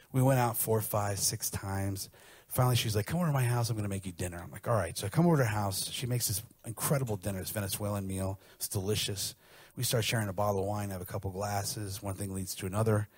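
Man, stand-up comedian, low husky voice, crude deadpan storytelling. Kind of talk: stand-up routine.

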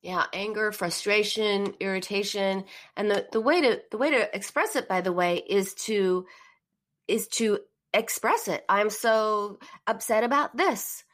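Earnest middle-aged woman, therapist host, warm encouraging delivery. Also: mid-range voice, unhurried. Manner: earnest and encouraging, acts out emotional phrases. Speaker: therapist hosting a call-in live stream. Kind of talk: casual live-stream advice talk.

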